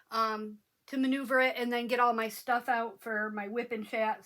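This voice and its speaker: A woman's voice: a little high, a bit bright. A woman hosting a crafting channel, chatting casually and rambling with many ums while she works.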